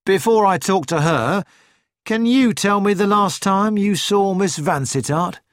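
Man reading as a grim police inspector, slow, grave, dry sound. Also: high voice, no echo, pitched above the performer's own voice. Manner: grave, questioning.

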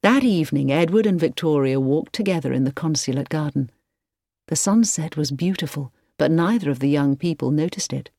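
A woman reading a novel aloud as narrator, with expressive storytelling. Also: low voice, a little fast, dry recording, studio quality. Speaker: audiobook narrator. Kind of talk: scripted narration.

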